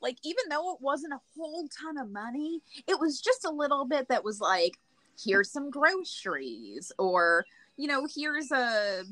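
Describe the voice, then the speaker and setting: A woman's voice: high voice, animated, moderate pace, hardly any pauses, a bit bright, no room sound. A woman guesting on a casual live stream, bantering playfully and laughing easily. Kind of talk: casual chat.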